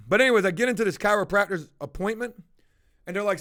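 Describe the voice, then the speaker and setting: A man's voice: high voice, expressive, a little fast, pauses often, a bit bright. A man livestreaming to his viewers, telling a confessional story in a blunt, profane, casual way. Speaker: livestreaming vlogger.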